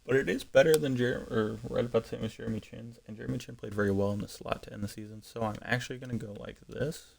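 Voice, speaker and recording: A man's voice: mid-range voice, steady tone, fast, gravelly, hardly any pauses. A man streaming a football video game, chatting casually as he thinks aloud, with frequent ums and self-corrections. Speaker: gaming streamer. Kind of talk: casual live-stream commentary.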